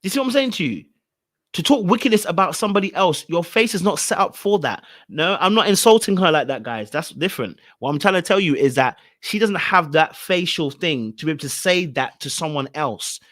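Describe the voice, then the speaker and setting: Animated man reacting. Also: on the high side, brisk. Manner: animated, exclaiming, repeats phrases. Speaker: reaction channel host. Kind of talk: reacting to a reality show.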